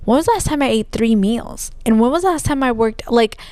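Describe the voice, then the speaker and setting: A young woman hosts a podcast, speaking candidly and emotionally about her own life in a voice that's on the high side, expressive, mellow, and fairly quick. Her talk is packed with "like" and trailing restarts, and she's recorded close on a podcast mic with no echo.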